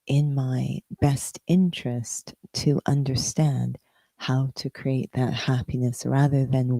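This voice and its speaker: A meditation teacher explaining spiritual ideas in a reflective conversation, stressing key words and letting phrases fall softly at their ends. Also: mid-range voice, no room sound.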